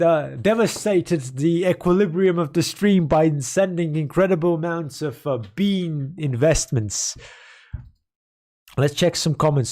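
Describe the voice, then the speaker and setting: A man's voice: on the high side, a little mellow. A man streaming a game, rambling and joking as he talks to his chat and reads comments. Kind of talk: casual live-stream chat.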